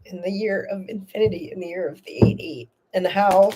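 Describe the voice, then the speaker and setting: A woman's voice: mid-range voice, normal speed, pauses often, heavy background noise. Emotional woman giving a live tarot reading. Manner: earnest, emotional, soothing, with casual swearing. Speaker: tarot reader and host.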